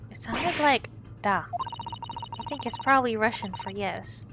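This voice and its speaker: A woman's voice: a little high, animated, unhurried, noisy background. A woman streaming a video game, reading it aloud and making wry, joking comments.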